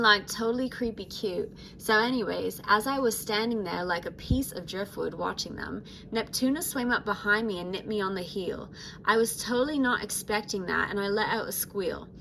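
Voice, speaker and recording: A woman voicing a laid-back teenage sea-monster surfer girl, reading her diary aloud softly. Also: mid-range voice, a little hiss or hum, close to an everyday voice, poor audio.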